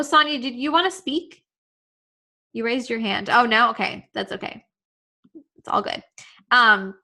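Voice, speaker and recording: A woman leads a live confidence webinar over a webcam. Her voice sits fairly high and bright. She talks earnestly and emotionally, circling back and repeating herself with lots of casual fillers. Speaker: confidence coach leading a webinar.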